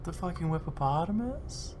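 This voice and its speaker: A young man chatting casually while playing a game, excitable, swearing and laughing often. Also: a little high, normal speed, noisy background. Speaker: gaming streamer. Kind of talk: casual gameplay chat. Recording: keyboard clicks and typing behind.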